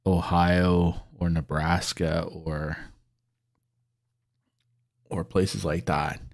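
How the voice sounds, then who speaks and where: Deep-voiced middle-aged man rambling. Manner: rambling, chatty, swears freely. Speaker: gaming video creator. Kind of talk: casual chat while gaming.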